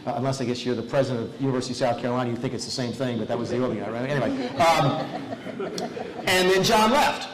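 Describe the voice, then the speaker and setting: A man's voice: medium pitch, lively intonation, quick pace, a crowd in the background, rough recording. A man giving a folksy, self-deprecating rally speech full of anecdotes, recorded in a large venue. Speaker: political speaker.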